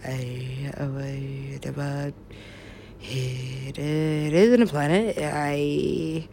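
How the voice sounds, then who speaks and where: A woman rambles in a loose, unhurried way, her voice sitting fairly low. She giggles often, swears freely and lets sentences trail away into mumbled half-words. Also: fairly even intonation, warm tone, slight background noise. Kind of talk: rambling casual talk.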